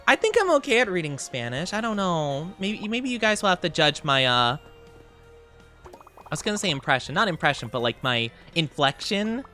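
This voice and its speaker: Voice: medium pitch, very animated, normal speed, pushed and bright, soft background music. A streamer casually chatting over gameplay, reading and answering chat messages with frequent giggles.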